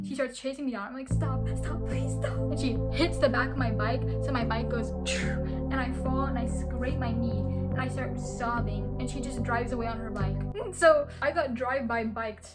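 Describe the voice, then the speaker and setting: A young woman vlogger reading out viewer confessions in casual chat, animated and giggly with dramatic reactions. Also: a little high. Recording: loud music playing behind the voice.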